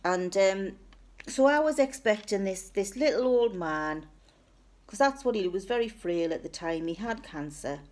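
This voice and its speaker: A woman's voice: animated, measured pace, a little mellow. A woman telling a funny personal story in a casual, self-mocking way. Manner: chatty, self-mocking, acts out her own high cheery replies.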